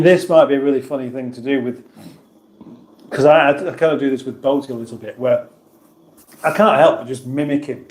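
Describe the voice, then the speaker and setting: Reading out his viewers' chat messages, an English livestream host answers them casually, poking fun at himself as he goes. He has a medium-pitched, darkish voice, and the audio is reverberant.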